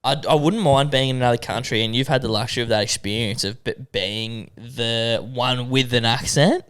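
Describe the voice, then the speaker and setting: A man's voice: medium pitch, moderate pace, fairly bright tone, smooth, no echo, clean studio sound. An Australian man co-hosting a podcast, swearing often and joking in casual chat. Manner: swears often, teasing banter. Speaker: podcast co-host.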